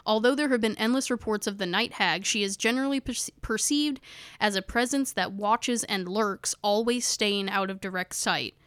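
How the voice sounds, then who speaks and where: A woman's voice: mid-range voice, moderate pace, fairly bright tone, no room sound. A woman co-hosting a casual podcast, chatting and reading from notes, rambling and stumbling over hard words while she laughs along. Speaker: podcast co-host.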